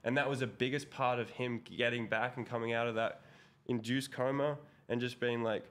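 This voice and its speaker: The young man's mid-range voice is a bit bright, fairly even in intonation, and moderately paced. A pro BMX rider from Australia, he's the guest in a casual interview, telling a rambling, filler-laden story peppered with curses.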